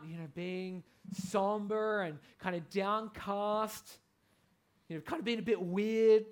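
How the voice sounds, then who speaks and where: Guy preaching, thirties, chatty and earnest with lots of "you know"s, builds up emphatic then goes quiet. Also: high-pitched. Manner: earnest, conversational with many fillers, rising to emphatic peaks. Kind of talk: sermon.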